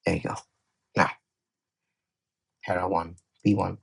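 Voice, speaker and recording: A man's voice: sits low, flat delivery, unhurried, creaky, breathy edge, low-quality recording. A man tutoring English in a casual exam walkthrough, chatty and often correcting himself as he thinks aloud.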